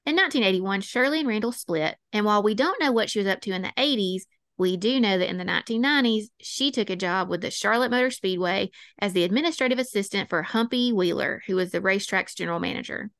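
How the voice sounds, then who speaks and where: A woman with a Southern American accent co-hosts a casual true-crime podcast, opinionated, sarcastic and quick to laugh. Her mid-range voice is a bit bright, on a dry, studio-quality recording.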